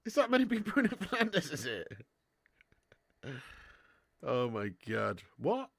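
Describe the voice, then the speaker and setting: A man's voice: high-pitched, creaky, husky. A young man hosting a live football watch-along, chatting casually, laughing often and answering viewers' comments.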